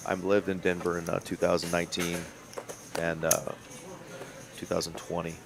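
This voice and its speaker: A man's voice: low-pitched, completely flat delivery, normal speed. A man commentating a live poker game, chatting casually and reading viewer comments aloud. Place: card room broadcast booth. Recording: crowd noise behind.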